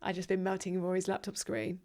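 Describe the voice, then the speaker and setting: A woman's voice: lowish voice, monotone, brisk, a little mellow. Sweary, chatty woman. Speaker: podcast host, editor. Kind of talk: casual chat.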